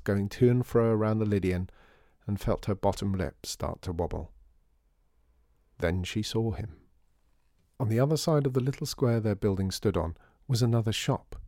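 A man narrating his own children's storybook with an even, expressive reading. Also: lowish voice, no echo, studio quality. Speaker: author and narrator.

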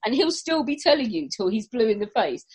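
A woman's voice: on the high side, sing-song, darkish tone, breathy edge. A woman hosting a chat show, swearing and laughing as she trades stories. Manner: swears freely, laughs often, quick to take over. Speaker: show host. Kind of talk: casual banter on air.

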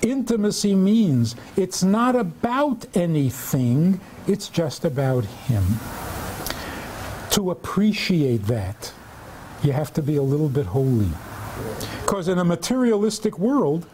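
A man's voice: on the high side, sing-song, slow, warm tone, slight background noise. A man, a rabbi, giving a humorous lecture to a live audience, telling stories and asking rhetorical questions.

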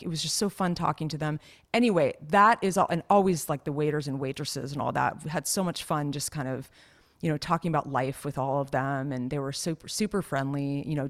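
A chatty woman with a slightly low voice, co-hosting a casual podcast. She rambles through her stories, loaded with "like" and "you know." Her talk stays loose and unhurried. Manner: chatty, rambling storyteller with many fillers. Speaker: podcast co-host. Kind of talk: casual chat.

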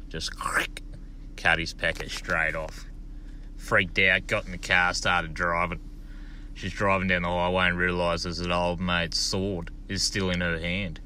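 Crude, deep-voiced Australian bloke on a voice message. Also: male voice, pushed and bright, a little hiss or hum. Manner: crude, laconic storyteller. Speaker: caller. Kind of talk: recorded voice message telling a yarn. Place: in a vehicle on the road.

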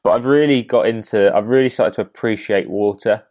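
Young southeast English male podcast host, slightly low voice, rambling casual delivery. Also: fairly quick, darkish tone. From Kent, England. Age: 20s. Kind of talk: casual chat.

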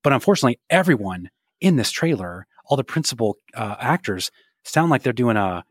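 A man's voice: mid-range voice, very animated, a little fast, no echo, clean studio sound. Wry joking man podcast host. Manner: wry, joking, fond of pop references. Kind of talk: casual pop-culture chat.

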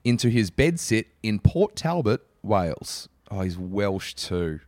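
A man's voice: lowish voice, big pitch swings, a little slow, darkish tone, no room sound. A young man co-hosting a podcast in casual, sweary banter, laughing often and reading out a story. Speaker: podcast co-host.

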